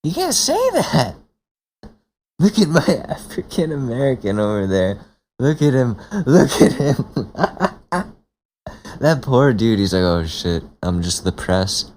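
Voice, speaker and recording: A man's voice: mid-range voice, lively intonation, unhurried, a little mellow, a little hiss or hum. A man hosting a podcast, reacting to clips in casual commentary, blunt and incredulous, swearing freely. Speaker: podcast host.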